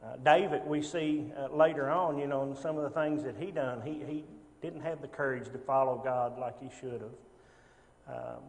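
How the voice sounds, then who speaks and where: A man teaching an informal Sunday Bible class, speaking haltingly with frequent restarts and rhetorical tag questions, in a church classroom. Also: medium pitch, fairly even intonation, gravelly, darkish tone, in a large hall.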